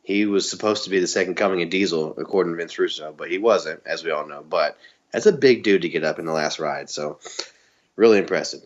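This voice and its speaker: A man from the Southern US co-hosting a podcast, telling stories excitedly and laughing often. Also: low-pitched, a little fast, lo-fi sound. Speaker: podcast co-host. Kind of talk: casual chat.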